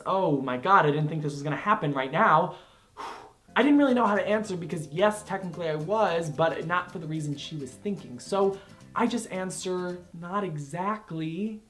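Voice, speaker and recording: A young man telling a personal story to camera, animated and expressive, acting out quotes with laughter along the way. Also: fairly high pitch. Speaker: vlogger.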